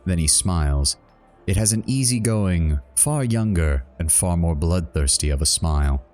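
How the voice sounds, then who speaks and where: A man's voice: sits low, lively intonation, normal speed, darkish tone, faint music behind. A man narrating as game master of a tabletop role-playing game, then rambling and correcting himself in casual chat with the players. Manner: rambling, self-correcting when chatting.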